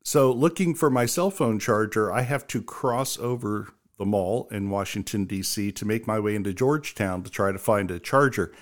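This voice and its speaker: A man's voice: lowish voice, normal speed, few pauses. A man on a podcast sharing a short anecdote in an easygoing, self-mocking way. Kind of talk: casual chat.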